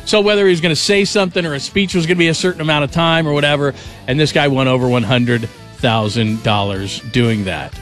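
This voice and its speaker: A man's voice: fairly high pitch, fast, a bit bright, soft background music. A man hosting a sports radio show, talking casually and praising callers with enthusiasm.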